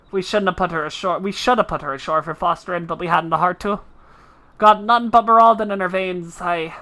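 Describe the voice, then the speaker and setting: A woman voicing a gruff old pirate man in a rough sailor's dialect, talking slowly and wistfully. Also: fairly low pitch, pushed and bright.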